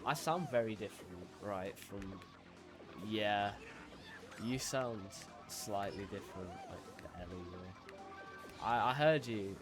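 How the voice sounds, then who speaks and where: A man's voice: lowish voice, lively intonation, slow pace, over music. A young man streaming and chatting casually while gaming, laid-back and rambling, often restarting his sentences.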